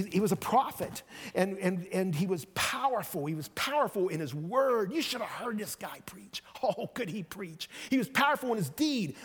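A man preaching a sermon as pastor, conversational and animated, acting out voices as he retells the story. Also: high voice, slightly rough. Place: church sanctuary. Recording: long reverb of a church hall.

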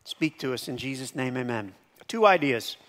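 A man preaching a sermon as pastor, lively, dropping to hushed tones and bursting into shouted impressions. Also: mid-range voice, moderate pace, long reverb tail.

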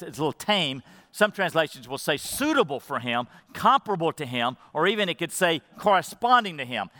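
A middle-aged man preaching a sermon as pastor, earnest and heartfelt, often dropping to a soft, quiet voice when moved. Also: on the high side, long reverb tail.

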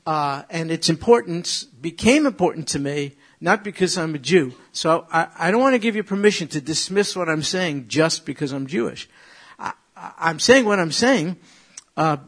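Brief middle-aged New York preacher, rough husky voice with gravel, lively joking sermon delivery. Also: male voice, on the high side. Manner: animated, joking asides to the congregation. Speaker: pastor. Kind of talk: sermon and Bible teaching.

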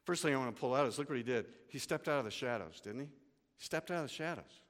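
A man preaching a sermon to his congregation, swinging from hushed, slow lines to loud, urgent ones. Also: medium pitch, lively intonation. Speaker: pastor. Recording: long hall reverb.

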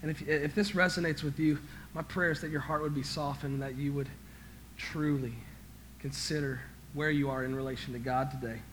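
A man preaching a sermon as pastor, emphatic, swinging from quiet to loud, stammering and repeating words when he gets worked up. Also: a little high, fairly even intonation, moderate pace, slight background noise.

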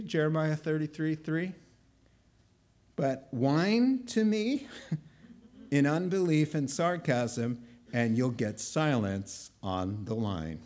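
Slow-talking animated male preacher. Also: on the high side. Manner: animated, acts out biblical dialogue with sarcasm. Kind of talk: sermon.

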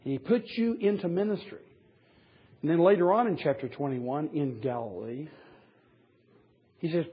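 A man's voice: fairly high pitch, big pitch swings, measured pace, long pauses, husky. A man preaching a sermon to a men's Bible study, emphatic, with wry asides and chuckles at his own points. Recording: dull lo-fi recording.

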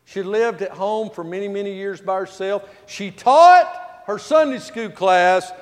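Pastor telling a story, echoing church hall. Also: male voice, high voice, a little slow. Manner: storytelling, swinging from loud stress to hushed, soft delivery. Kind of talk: sermon with personal storytelling. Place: church sanctuary. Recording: long reverb of a church hall.

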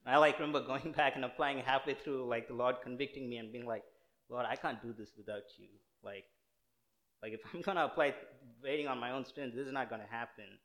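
A young male preacher from India. He speaks at a middling pitch in a loose, conversational way, with frequent fillers and restarts. His tone stays earnest as he works through his sermon. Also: brisk, fairly bright tone.

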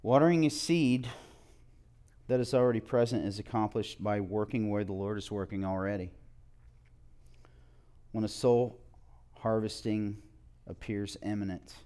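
Man, church teacher, low warm voice, earnest delivery. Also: measured pace. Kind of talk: teaching talk to a group.

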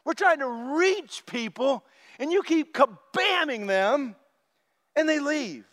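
A man preaching a sermon in a lively way, acting out the voices of puzzled listeners and disciples. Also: extremely high pitch, takes it slowly. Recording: long reverb of a large hall.

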